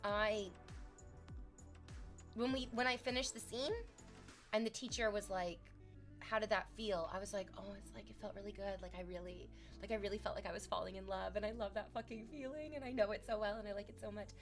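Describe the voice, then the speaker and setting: Young woman streamer, casual reflective chat, frank and sweary, middle pitch. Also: a little fast, soft background music. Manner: reflective, candid, swears freely.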